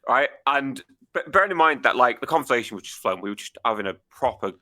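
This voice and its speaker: Young male co-host, storyteller, sweary and upbeat, bright forceful tone, mid-range voice. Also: mid-range voice, quick pace. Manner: animated storytelling, frequent agreement and swearing. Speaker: podcast co-host. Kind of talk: casual chat.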